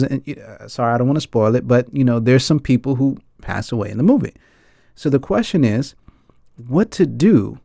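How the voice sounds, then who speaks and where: Host, male, from the States. Warm, relaxed voice, dry close sound, loose reflective chat with lots of asides to the audience. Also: mid-range voice, no room sound. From United States. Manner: earnest and rambling, keeps asking the audience "right?" and "guys". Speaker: film discussion host.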